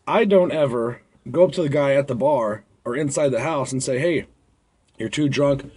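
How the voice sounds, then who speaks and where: A man's voice: medium pitch, a little fast, darkish tone, slightly rough. A young man who works as a bar bouncer, telling stories in a blunt, rambling way and acting out drunk patrons. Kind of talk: casual storytelling vlog.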